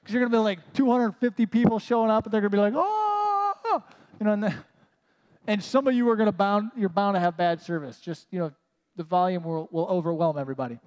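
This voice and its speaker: A man's voice: high voice, fairly even intonation, fast, a little mellow. A man preaching a conversational sermon as a pastor, casual and self-mocking, with many "like" asides. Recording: long reverb of a large hall.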